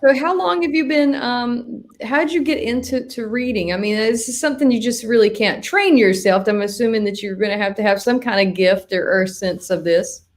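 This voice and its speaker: A woman's voice: fairly high pitch, normal speed, hardly any pauses. A woman co-hosting a casual live-stream chat show, upbeat and easygoing. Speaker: show co-host.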